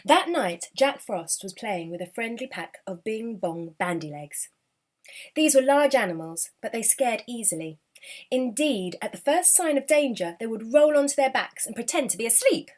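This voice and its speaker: A woman's voice: on the high side, darkish tone. Woman reading a children's story expressively. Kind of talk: children's storybook read-aloud.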